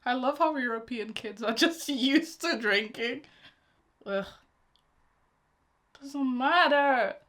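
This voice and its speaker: A young woman with a slightly high voice talks through a teen drama episode for her viewers. She reacts emotionally and speaks straight at the screen in a loose, casual way. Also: takes it slowly, long pauses, a bit bright. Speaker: reaction video host.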